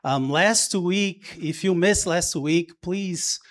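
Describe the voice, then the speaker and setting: Speaking with a Brazilian Portuguese accent, this pastor from Brazil delivers a sermon to his congregation in a warm, hesitant manner full of pauses and fresh starts. His voice is high.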